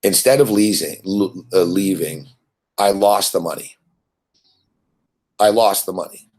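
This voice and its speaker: A deep, husky man from Montreal hosting a show. He tells a rambling, profane story and keeps circling back to repeat himself. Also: measured pace, darkish tone. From Montreal, Canada. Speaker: host.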